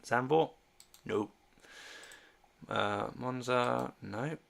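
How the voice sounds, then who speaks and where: A man's voice: mid-range voice, extremely slow, gravelly, a bit bright. A man casually chatting on a livestream, reading viewer comments and thinking aloud with lots of fillers and restarts. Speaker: streamer and fantasy sports host.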